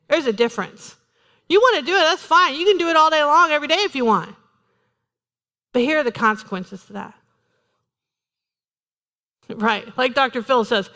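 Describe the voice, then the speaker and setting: Animated woman pastor preaching in a hall. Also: sits high. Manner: animated preaching, acts out quoted voices. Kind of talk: sermon. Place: church sanctuary.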